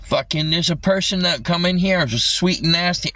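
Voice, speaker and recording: A man's voice: high-pitched, moderate pace, sharp tone. A man livestreaming an agitated rant, swearing constantly, with his voice a little distant from the mic.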